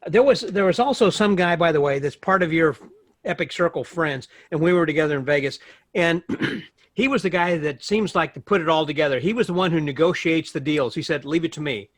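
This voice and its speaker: Chatty joking guy, bit high voice. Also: a little fast, no room sound, studio quality. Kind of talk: casual chat.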